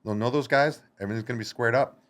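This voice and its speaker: A man voicing a calm, businesslike male drug gangster in a retold story, in a matter-of-fact tone. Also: mid-range voice, very fast, natural voice.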